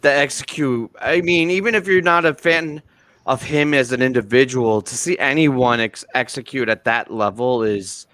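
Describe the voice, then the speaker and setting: A man hosting a casual online chat in a relaxed, friendly way. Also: medium pitch, moderate pace. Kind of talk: casual chat on a video call.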